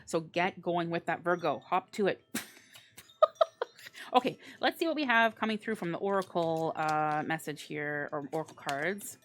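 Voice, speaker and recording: A woman's voice: on the low side, moderate pace, a bit bright, faint music behind. Chatty woman doing a tarot reading. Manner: chatty, bubbly, laughs often, filler-heavy. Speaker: tarot reader. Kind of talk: casual tarot reading to camera.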